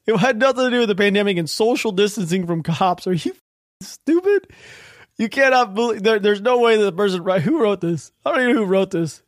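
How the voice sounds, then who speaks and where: A man's voice: sits high, no echo, clean studio sound. A man hosting a solo political podcast, ranting and sarcastic, swearing freely and laughing at the news. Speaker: podcast host.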